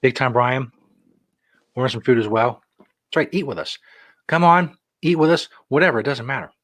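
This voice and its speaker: A man's voice: medium pitch, normal speed, a bit bright, dry recording. A middle-aged man co-hosting a casual chat show, wry and self-mocking as he reads out viewer comments. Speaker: co-host.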